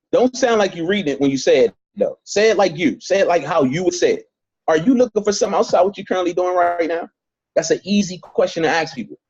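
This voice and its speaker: A man's voice: a little high, a little mellow, highs cut off. Emphatic man coaching sales on a call. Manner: emphatic, repeats points, talks straight to the group. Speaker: network marketing trainer. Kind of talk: motivational sales training on a video call. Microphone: video call.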